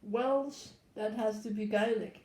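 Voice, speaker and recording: A woman's voice: fairly high pitch, fairly even intonation, unhurried, darkish tone, distant mic. A woman hosting a tech walkthrough, making chatty, casual asides. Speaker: host. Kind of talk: casual commentary. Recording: echoey room, off the mic.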